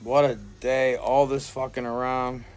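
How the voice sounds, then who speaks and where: A man casually chatting and reviewing his cannabis gear in a vlog, excitable and swearing constantly in slangy talk. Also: medium pitch, a little slow. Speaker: cannabis vlogger. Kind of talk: casual profane vlog chat.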